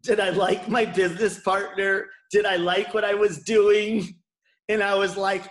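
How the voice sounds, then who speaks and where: A man's voice: high voice, little pitch movement, a little slow, a bit bright, roomy sound. A man in his forties, a chiropractor and bodyworker, telling his story frankly in an interview and swearing casually. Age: 40s.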